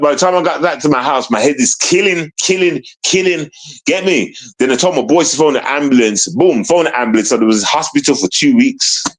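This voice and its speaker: Emphatic man, slightly high voice. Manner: emphatic, repetitive street slang, keeps asking "you understand?". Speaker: guest telling his story. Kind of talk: casual storytelling.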